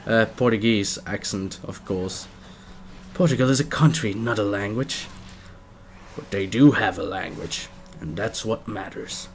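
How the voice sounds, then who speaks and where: A man's voice: medium pitch, slight background noise. Playful young male esports caster. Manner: playful, jokey asides, trails off mid-sentence. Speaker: game caster. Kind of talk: live esports play-by-play commentary.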